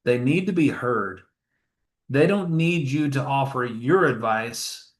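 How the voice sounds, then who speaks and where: A man's voice: mid-range voice, expressive, slow pace. A man, a grief counselor being interviewed, telling stories in an earnest, emotional way. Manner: earnest, emotional, retells scenes with acted quotes. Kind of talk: storytelling interview talk. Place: funeral home.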